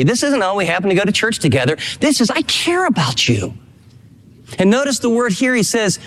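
A man preaches with emphatic energy. His voice sits high and moves in lively leaps. A long reverb hangs behind him, as in a large hall. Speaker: pastor. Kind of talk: sermon.

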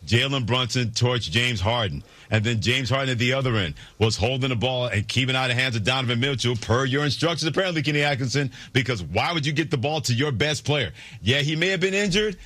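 A man's voice: mid-range voice, fast, hardly any pauses, bright, forceful tone, no room sound. A man hosting sports talk radio, delivering a sarcastic, theatrical monologue with mock-preaching flourishes.

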